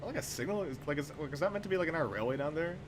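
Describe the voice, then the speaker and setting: A man's voice: fairly high pitch, lively intonation, rapid-fire, noisy background. A young man streaming a train simulator, chatting casually with rambling, profane, wry asides. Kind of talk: casual gameplay commentary.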